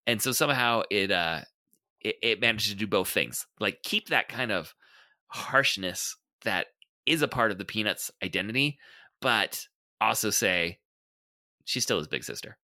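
A man's voice: lowish voice, lively intonation, normal speed, pushed and bright, dry recording. A man talking as a podcast guest in casual chat, enthusiastic, laughing often and trailing off while he looks for words.

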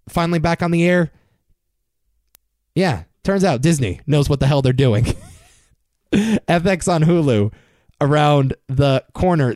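Lively, high-voiced man riffing dryly. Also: no echo. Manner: wry, sarcastic asides, quick rundown. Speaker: podcast host. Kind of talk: casual entertainment news commentary.

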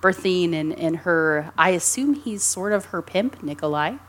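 A woman's voice: on the low side, animated, unhurried. A woman co-hosting a casual film discussion, chatty and rambling, giggling often between her points. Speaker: podcast co-host.

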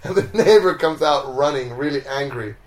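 A man's voice: medium pitch, expressive, normal speed, roomy sound. A man from Sweden, a street performer, telling stories in a casual interview at home, laughing often and acting out the people in them. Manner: laid-back, laughs often, acts out people in his stories. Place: home, indoors.

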